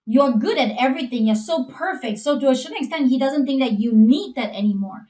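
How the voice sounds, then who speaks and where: A woman with a Chinese accent speaks in a high, bright register, giving earnest relationship advice. She leans on "you know" as she talks. The room around her is echoey. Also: animated, brisk. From Asia. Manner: earnest, heavy use of "you know" fillers. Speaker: co-host. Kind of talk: advice talk for couples.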